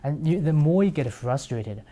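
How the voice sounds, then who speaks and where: A man's voice: fairly high pitch, expressive, moderate pace, dark tone. A man giving a casual motivational monologue, talking bluntly with heavy swearing and acting out little scenes. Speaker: speaker.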